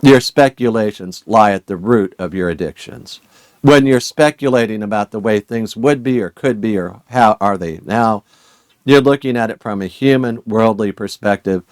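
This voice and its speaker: A man's voice: fairly low pitch, normal speed, a little mellow, dry recording. Earnest man preaching a Bible study. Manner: earnest, urging, many rhetorical questions. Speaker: Bible teacher.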